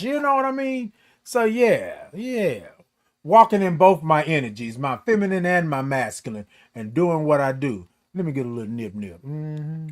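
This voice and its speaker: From his Christmas-decorated home, a morning show host livestreams with the camera right up by his face. He sounds high and playful, chatting casually with viewers, greeting them by name, and drawling his words.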